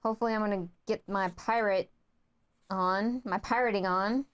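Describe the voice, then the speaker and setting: Excitable woman playing a board game. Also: medium pitch, moderate pace, clean tone. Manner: excitable, laughing, addresses the viewers. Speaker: board game player and co-host. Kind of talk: casual board game playthrough chat.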